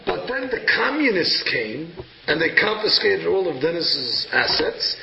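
A man teaching a lively religious lesson, acting out verses with sudden loud emphasis. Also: high voice, a little slow. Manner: dramatic, acts out verses, bursts of loud emphasis. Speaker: rabbi teaching a class. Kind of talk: animated Torah lesson. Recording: echoey room, dull lo-fi sound with clear background noise.

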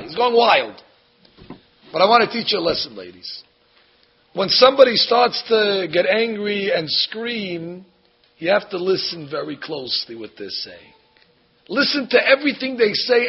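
A man teaches a Bible lesson as an animated storyteller who acts out every character. His voice sits high, and the recording is dull and lo-fi. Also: moderate pace. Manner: lively storyteller acting out the characters. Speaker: religious teacher.

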